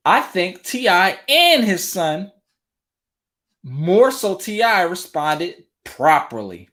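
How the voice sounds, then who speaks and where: A man's voice: sits high, very animated, slow pace, sharp tone. A man hosting a relationship talk show, giving casual commentary straight to his viewers and repeating phrases for emphasis.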